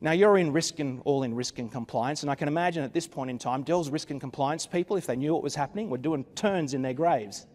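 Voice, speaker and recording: The man's voice is fairly high yet darkish in tone, and he talks quickly with few pauses in a large hall. As a conference keynote speaker, he tells a story dramatically into a stage mic, peppering it with wry asides.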